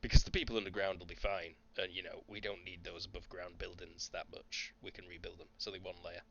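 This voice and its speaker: A man's voice: low voice, flat delivery, quick pace, gravelly, sharp tone, highs cut off, a little hiss or hum. A man running a tabletop game as game master, with dry, wry asides.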